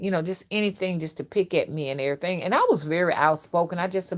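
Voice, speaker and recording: A middle-aged woman chats outspokenly into her phone, her voice sitting a little low. She rambles through childhood stories with restarts and lively asides. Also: fast talker, few pauses. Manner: chatty, outspoken, animated with frequent restarts. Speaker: livestream host and rootworker. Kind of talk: casual storytelling to a live chat.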